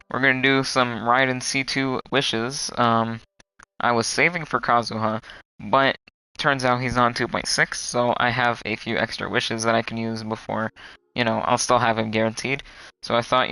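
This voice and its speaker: A young man streaming a game live, chatting casually and groaning loudly when his luck turns bad. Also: mid-range voice, creaky, clean tone, no echo, low-quality recording.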